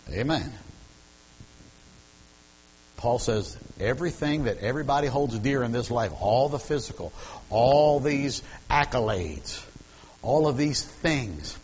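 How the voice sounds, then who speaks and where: A middle-aged man preaches with animated energy and a medium-pitched voice. He stumbles over repeated words as he builds up, then eases into folksy humor. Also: slightly rough, low-quality recording. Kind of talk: sermon with personal storytelling.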